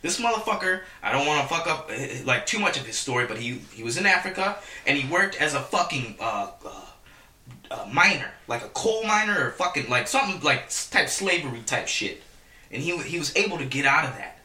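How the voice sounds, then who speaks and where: A man in casual chat with friends, telling a story in an excitable, animated way with lots of swearing. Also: a little high, brisk, roomy sound, recorded from a distance.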